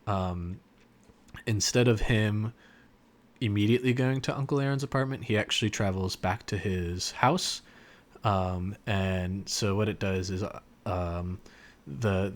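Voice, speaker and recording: A man co-hosting a podcast, retelling a scene in casual chat with lots of fillers and restarts. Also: on the low side. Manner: rambling, many fillers and restarts. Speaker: podcast co-host.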